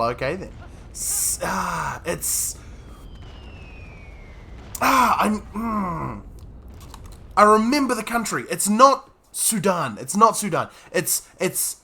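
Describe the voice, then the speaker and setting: A young man giving playful, excitable live gameplay commentary, often laughing while chatting with his viewers. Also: high-pitched, slight background noise. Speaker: streamer.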